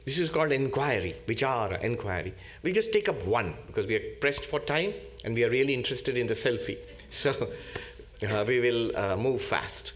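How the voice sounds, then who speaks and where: A man, a monk, giving a spiritual lecture in a deliberate, teacherly way, repeating key terms. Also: medium pitch, lively intonation.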